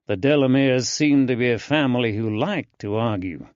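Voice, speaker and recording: A male narrator voicing an earnest, eager young man with a soft drawling accent in an audiobook. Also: mid-range voice, moderate pace, no room sound, dull audio, lightly acted.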